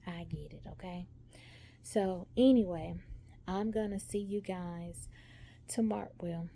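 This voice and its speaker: A vlogger with a lowish voice, vocal fry, and a mellow tone talks directly to the camera in a casual update. She tells a story in a chatty way, using "y'all" and "okay" often, over slight background noise.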